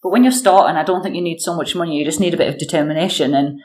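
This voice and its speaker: This is a British guest in her thirties, talking loosely in an interview with frequent fillers and spirited storytelling. Her low voice comes out at a racing speed.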